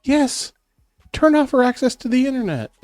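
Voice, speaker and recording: Sick podcast dad rambling, dry close mic, kinda self-conscious. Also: male voice, very high-pitched, sing-song, normal speed, a little mellow, dry recording, soft background music. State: sick, throat clearing. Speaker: podcast co-host. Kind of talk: casual chat.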